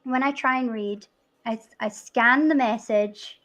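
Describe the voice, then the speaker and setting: A woman's voice: fairly high pitch, fairly even intonation, fairly bright tone. A woman with an Edinburgh Scottish accent, hosting a casual livestream chat and laughing easily. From Scotland. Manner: giggly, chatty, quick to laugh. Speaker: stream host.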